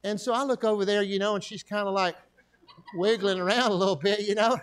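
A man's voice: sits high, fairly even intonation, brisk, smooth. An older man, a pastor preaching a folksy sermon and telling stories with jokes and asides. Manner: folksy, joking storyteller with frequent asides.

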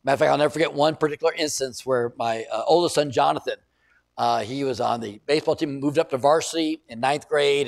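A man's voice: on the high side, vocal fry. A middle-aged male pastor preaching a sermon in a conversational way, building to emphatic bursts.

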